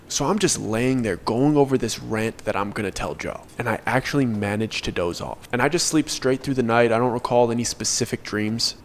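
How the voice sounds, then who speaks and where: Young man, storytime narration, casual and earnest, mid-range voice, faint hiss behind. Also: medium pitch. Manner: conversational, earnest, reliving events. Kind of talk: first-person storytime narration.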